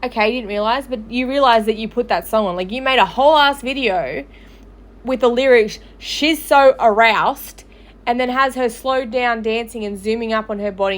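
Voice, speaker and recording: A woman's voice: fairly high pitch, a little fast. A woman who hosts a gossip page, ranting angrily and swearing on a livestream. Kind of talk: livestream commentary.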